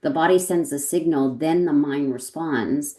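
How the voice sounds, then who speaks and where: A woman's voice: deep voice, measured pace, dark tone. A woman talking as a guest in a thoughtful, reflective way, laughing often and trailing off mid-sentence. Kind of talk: reflective conversation. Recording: roomy echo.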